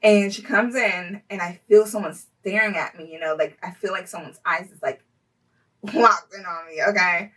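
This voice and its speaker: A young woman telling a personal story in casual vlog style, chatty, full of fillers and quick to laugh. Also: medium pitch, a bit bright, far from the mic, rough recording.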